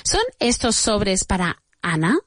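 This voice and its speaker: A woman in her forties teaching a beginner English lesson, repeating each answer slowly and explaining in Spanish. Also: mid-range voice, big pitch swings, no room sound.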